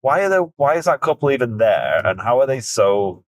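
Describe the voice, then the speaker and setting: Animated man reacting to a film, dry mic. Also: moderate pace, no echo. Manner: animated, rises high when quoting his own reactions. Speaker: film podcast co-host. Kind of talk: casual film review chat.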